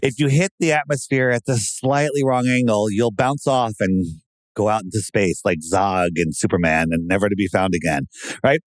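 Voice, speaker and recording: Animated sarcastic man talking. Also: fairly low pitch, normal speed, dry recording. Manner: animated, sarcastic, mimics voices loudly. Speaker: podcast guest. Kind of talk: casual conspiracy talk.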